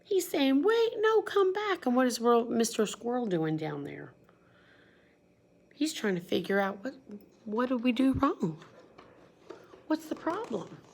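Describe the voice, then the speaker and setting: A woman's voice: a little high, unhurried, creaky, long pauses. A woman teacher reading a picture book aloud to young children, asking them questions as she goes. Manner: animated, questioning, kid-directed. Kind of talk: read-aloud storytime lesson.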